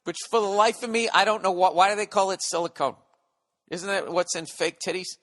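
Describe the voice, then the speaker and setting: A podcast host in his forties with a Boston accent tells a rambling, profane comic story, animated and jumping from tangent to tangent. His voice is high and fairly quick.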